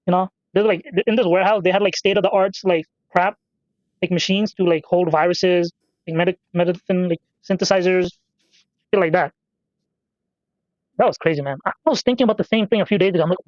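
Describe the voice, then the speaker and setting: Fast-talking, high-voiced rambling gamer guy. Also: darkish tone, no room sound, lo-fi sound. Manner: rambling, profane, off-topic storytelling. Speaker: gaming channel host. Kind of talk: casual gameplay commentary.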